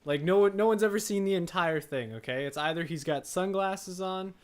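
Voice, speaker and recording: A man's voice: sits high, fairly quick. Man cracking emphatic jokes on a podcast. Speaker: podcast co-host. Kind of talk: casual chat.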